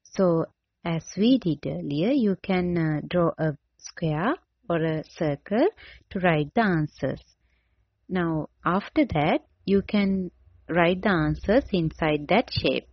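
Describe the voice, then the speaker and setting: Slow, careful woman teacher spelling words. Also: lowish voice, lively intonation, slightly rough, no echo, lo-fi sound. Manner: slow, deliberate, repeats each word and spells it out. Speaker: English teacher. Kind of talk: dictation lesson, spelling words letter by letter.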